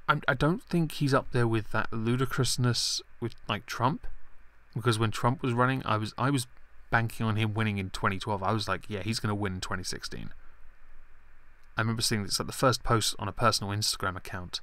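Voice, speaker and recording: A man with a fairly low, sharp-toned voice hosts a casual political commentary stream, talking a little fast with fairly even intonation. His chat rambles and turns sarcastic, with self-deprecating asides.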